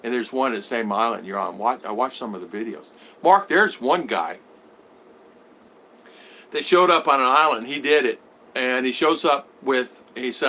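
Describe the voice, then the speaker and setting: A man's voice: medium pitch, animated, normal speed, bright, forceful tone, a little hiss or hum. A man vlogger chatting casually on a live stream, telling rambling stories and acting out the people in them. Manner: rambling storyteller who acts out voices.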